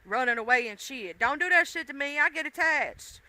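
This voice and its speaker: Southern woman, mixed deep-South accent, livestream chatter, very bright sharp voice, dry close sound. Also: expressive, moderate pace, no room sound, poor audio. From Southern United States. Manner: rambling, chatty, swears freely, addresses chat directly. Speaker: livestream host. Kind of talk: casual livestream chat with viewers.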